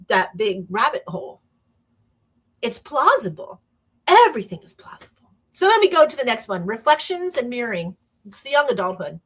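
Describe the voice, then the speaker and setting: Bright-voiced woman hosting a rambling spiritual talk. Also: fairly high pitch. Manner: rambling, with many restarts and acted-out quotes. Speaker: host.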